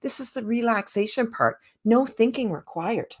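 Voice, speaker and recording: A woman leading a laughter yoga session, bubbly and giggly, gently coaching the viewer directly. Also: on the high side, animated, normal speed, husky.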